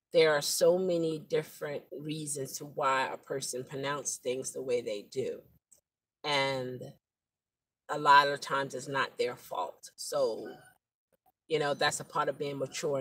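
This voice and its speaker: Unhurried, reflective woman driver vlogging in her car, easy laughter, drawn-out folksy sayings. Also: low-pitched, slight background noise, rough recording. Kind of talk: casual vlog monologue. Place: inside a car.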